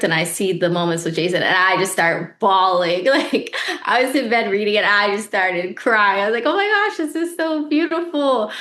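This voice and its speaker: An actress, a guest on a podcast interview, speaks with a fairly low-pitched voice in an earnest, reflective manner. She becomes animated when retelling a story, and the recording has a roomy echo.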